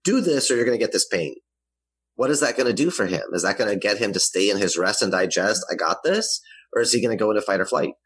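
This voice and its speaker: A man's voice: fairly low pitch, animated, quick pace, a bit bright, husky, low-quality recording. A man, apparently a parenting coach, confidently explaining ideas with examples in conversation.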